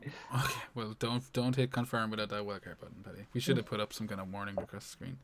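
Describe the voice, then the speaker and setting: A man's voice: lowish voice, fairly even intonation, fast talker. A man co-hosting a podcast in casual chat, laid-back, swearing freely and using lots of fillers. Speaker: podcast co-host.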